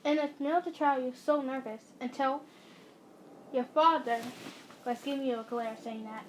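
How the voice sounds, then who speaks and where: A woman's voice: high-pitched, fairly even intonation, normal speed, a little hiss or hum, rough recording. A woman narrating a second-person story in a casual, chatty way.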